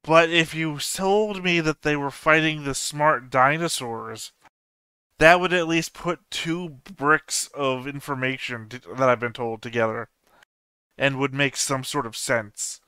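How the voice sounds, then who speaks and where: Male reaction host, clear smooth voice, casual musing delivery. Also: medium pitch, measured pace, bright, forceful tone, no echo. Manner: thinking aloud, puzzling over theories. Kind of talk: casual solo reaction commentary.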